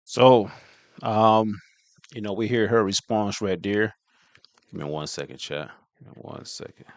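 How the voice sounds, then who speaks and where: A man's voice: fairly low pitch, expressive, measured pace, no room sound. A man hosting a reaction channel, talking casually with lots of filler phrases between clips. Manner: laid-back, heavy on filler phrases.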